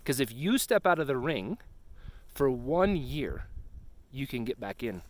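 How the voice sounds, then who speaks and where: A man's voice: mid-range voice, big pitch swings, a little slow. Earnest man urging pastors. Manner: earnest, preacherly, direct address with rhetorical questions. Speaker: retreat ministry founder. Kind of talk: outdoor pep talk to pastors. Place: outdoors on a snowy ski slope.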